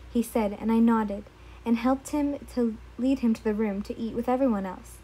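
A woman reading first-person fan fiction aloud, halting and correcting herself often as she reads. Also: fairly high pitch, steady tone, warm tone, breathy edge, low-quality recording. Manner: halting, frequent self-corrections while reading.

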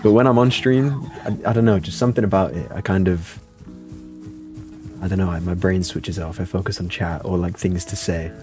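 A man's voice: low-pitched, moderate pace, a little mellow, faint music behind. Rambling young man streaming a game. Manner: rambling, self-interrupting, chatty. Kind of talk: casual livestream chat.

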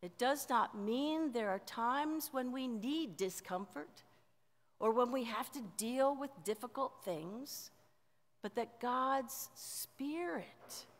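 A woman pastor preaching a sermon in a measured way, often letting line endings drop softly. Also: a little high. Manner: slow, measured preaching with soft dropped endings. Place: church sanctuary. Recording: church sanctuary with long reverb.

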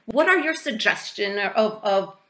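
A woman's voice: medium pitch, animated, measured pace, a bit bright. A woman hosting an interview in a casual, encouraging way, with plenty of short replies of agreement. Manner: encouraging, answers with short affirmations. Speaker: podcast host. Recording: echoey room.

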